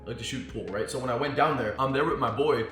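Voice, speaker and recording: Coaching on dating, a man speaks quickly at medium pitch in a casual monologue. He is an animated storyteller who swears and acts out quotes from the people he mentions. The recording has an echoey room sound with faint music.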